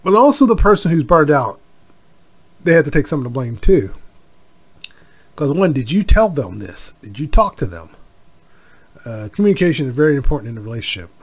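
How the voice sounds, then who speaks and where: Middle-aged male podcast host, a bit higher-pitched, loose rambling delivery. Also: big pitch swings, brisk, pauses often. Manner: rambling, with many fillers and asides. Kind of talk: casual solo podcast monologue.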